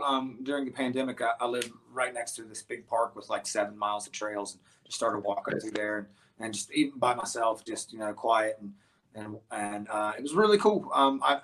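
A man guesting on an interview show, talking in a loose, rambling way with lots of restarts and fillers. His voice sits at an ordinary middle pitch, and he gets animated as he tells his stories. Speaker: guest musician. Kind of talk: casual interview storytelling.

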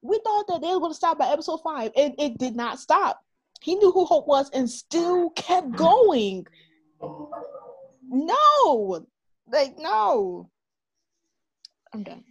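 A woman co-hosting a podcast, chatting casually and ranting in an animated way, with lots of swearing and acted-out quotes. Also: sits high, slow, pauses often. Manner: animated ranting with heavy cursing. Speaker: podcast co-host. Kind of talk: casual chat.

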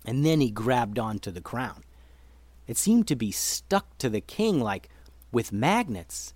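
A man narrating a children's story as host, expressive and shifting his pace. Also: medium pitch, dry recording.

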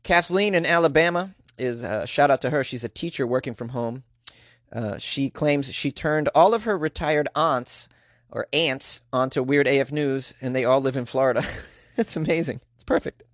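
A man's voice: mid-range voice, normal speed, fairly bright tone, no echo, studio quality. A man hosting a comedic news podcast, joking and rambling in a self-deprecating way. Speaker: podcast host.

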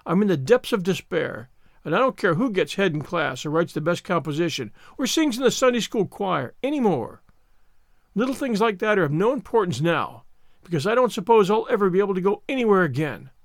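A man's voice: high voice, big pitch swings, fairly quick, no echo, studio quality. A man voicing a dramatic, wordy young girl in a storybook reading, pleading in a theatrical manner. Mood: despairing. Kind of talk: audiobook character reading.

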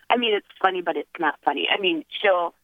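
A woman's voice: on the low side, moderate pace, no echo. A woman calling in to a show by phone, hesitant and stammering, with nervous laughs. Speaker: caller. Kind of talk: casual chat. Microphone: telephone. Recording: tinny phone line.

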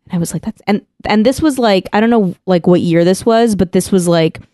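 A woman chatting casually as a podcast co-host, rambling through a story full of "like" and restarts. Her voice sits at an ordinary middle pitch. The sound is close and dry, with no room around it. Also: a little fast, warm tone, dry recording. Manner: chatty storyteller, heavy use of "like", frequent restarts. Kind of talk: casual chat.

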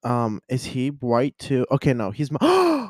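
A young man chatting casually on his own as a podcast host, rambling, excitable and often cutting himself off mid-thought. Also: medium pitch, a little slow, dry recording, clean studio sound. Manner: rambling, self-interrupting, excitable. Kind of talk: casual solo chat.

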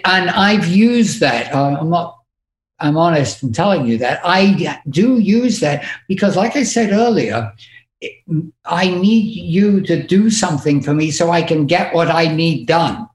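A man's voice: a little high, animated, a little slow. An Englishman with an English accent, a podcast guest telling candid, wry stories in casual chat. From England. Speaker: interview guest. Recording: roomy echo.

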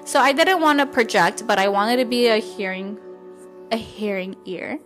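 A woman's voice: on the high side, moderate pace. Woman, podcast host, casual monologue, blunt and candid, swears freely, faint music underneath. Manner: animated storyteller.

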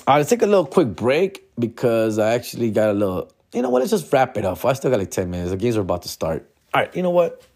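A man's voice: medium pitch, big pitch swings, quick pace, hardly any pauses, a little mellow, no echo. A man telling stories in a casual monologue, full of swearing and street slang. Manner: profane slangy banter. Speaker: storyteller host.

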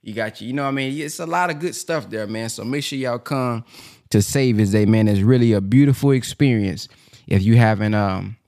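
A man hosting a podcast in casual chat, slangy and animated. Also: medium pitch, a little fast. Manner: animated, laughing, slangy, says "boy" and "man" a lot. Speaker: podcast host.

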